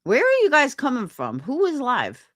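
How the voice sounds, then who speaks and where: A young woman live-streams in a high voice with huge pitch swings, talking at a moderate pace with a fairly bright tone in clean studio sound with no echo. Chatting casually and reading comments, she vents in indignant, profane bursts and mimics others in put-on voices.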